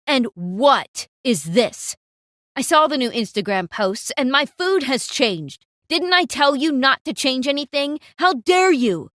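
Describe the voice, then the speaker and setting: A blustering cafe manager yells and demands with a lively, swinging pitch, as a woman acts him out. He is loud and pompous, then cowers and pleads, in a dry close storytime read. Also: unhurried, no room sound. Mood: furious. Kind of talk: storytime narration.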